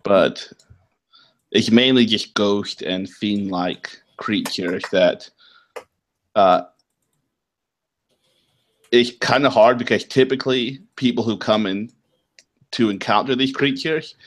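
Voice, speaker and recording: A man narrating as game master of a tabletop role-playing game, explaining at length with many pauses and fillers. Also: fairly low pitch. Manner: unhurried, filler-heavy explaining.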